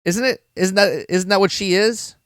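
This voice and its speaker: A man's voice: sits high, moderate pace, a bit bright, clear, resonant tone, dry recording, studio quality. A man hosting a live-stream podcast, reviewing a TV episode in a rambling, casual way, repeating words, swearing and talking to his chat.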